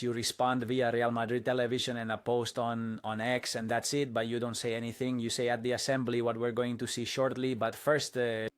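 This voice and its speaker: A man's voice: medium pitch, smooth, no room sound. Man ranting about football, dry close sound. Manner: rambling, full of fillers and restarts, rising to indignant bursts. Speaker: football commentator. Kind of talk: opinion monologue, dubbed into English.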